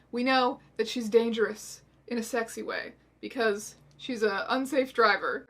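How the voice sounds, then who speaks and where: A woman's voice: on the high side, fairly bright tone. Sarcastic woman essay host. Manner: sarcastic, wry, quick asides. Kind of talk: comedic video essay narration.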